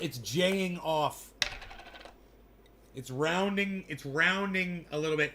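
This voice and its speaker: A man's voice: on the high side, slow pace, noisy background. A man casually commenting live, rambling and swearing as he talks to his viewers. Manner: rambling, profane, talking to chat. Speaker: crypto livestreamer.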